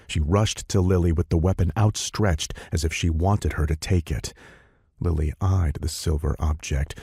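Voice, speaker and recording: Deep, husky male audiobook narrator. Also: dark tone, dry recording, studio quality. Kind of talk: scripted narration. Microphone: close studio mic.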